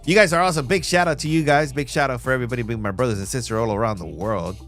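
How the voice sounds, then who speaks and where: A man streaming live, talking through trading charts in a relaxed, slang-heavy voice of ordinary pitch. He keeps calling his viewers bro and pushes his points hard. Soft music plays quietly behind him. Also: very fast. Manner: emphatic, hype-driven pitch to viewers. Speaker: livestream trading host. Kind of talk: live chart walkthrough and chat shout-outs.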